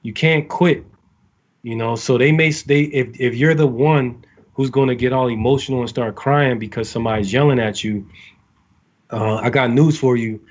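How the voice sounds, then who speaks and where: A man's voice: mid-range voice, fairly even intonation, moderate pace, muffled recording. A man, a navy sailor, giving casual advice to recruits, talking in a rambling way with many fillers and restarts.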